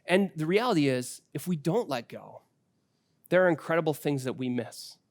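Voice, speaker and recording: A man's voice: on the high side, expressive, moderate pace, darkish tone, no room sound, studio quality. A man in his forties preaching a sermon as pastor, telling family stories in a conversational way. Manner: conversational storytelling with personal anecdotes.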